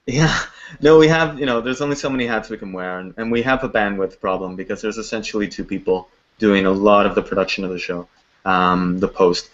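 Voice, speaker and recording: A man's voice: on the low side, steady tone, fairly quick. Upbeat man on a lo-fi video call. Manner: chatty, upbeat, frequent fillers. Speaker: web series creator. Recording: dull lo-fi call audio.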